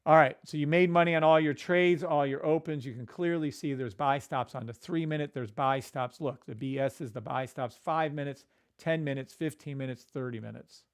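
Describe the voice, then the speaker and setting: A man hosting a live trading stream, calling out trades to viewers and greeting them by name, excitable and profane, swinging from shouts to mutters. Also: on the high side, normal speed, few pauses, smooth. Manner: addresses chat viewers by name.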